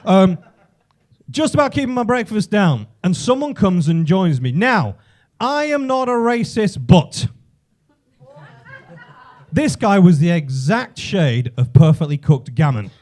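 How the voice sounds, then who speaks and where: An English comedian with a strikingly high voice that swings up and down as he spins stories. His storytelling is profane and animated, and he shouts out the punchlines. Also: a little slow, pauses often. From England. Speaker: stand-up comedian. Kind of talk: stand-up comedy set. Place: comedy club stage.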